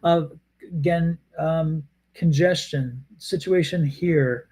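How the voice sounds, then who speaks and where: A man's voice: on the high side, slow pace, a little mellow, slightly rough. A man giving a live psychic tarot reading, rambling and hesitant, repeating himself often. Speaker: tarot reader.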